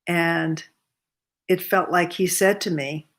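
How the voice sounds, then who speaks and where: A woman in her seventies, a massage therapist, telling a personal story to camera in an unhurried, earnest way from her cozy home by a fireplace. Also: fairly low pitch, fairly even intonation. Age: 70s.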